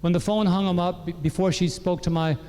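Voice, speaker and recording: A man preaching a personal testimony, telling his story in a lively way and acting out what his relatives said. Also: high-pitched, a little fast. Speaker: pastor. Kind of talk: sermon testimony. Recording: echoey hall.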